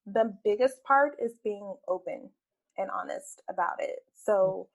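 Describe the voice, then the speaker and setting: A woman's voice: mid-range voice, measured pace, creaky, poor audio. A woman appearing as an interview guest, an entrepreneur telling her story in an open, earnest way. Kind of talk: conversational interview.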